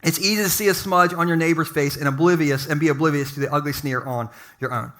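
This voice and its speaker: A man pastor giving a sermon to a live congregation, telling stories with animated humor. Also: fairly high pitch, fast talker. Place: church service with a live congregation.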